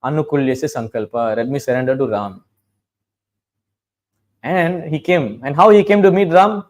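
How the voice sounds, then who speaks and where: Guy giving a sermon, slightly high voice, casual storytelling, chants some verses. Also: normal speed. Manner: storytelling with quoted dialogue and Sanskrit verses; conversational, frequent "you know". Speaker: preacher.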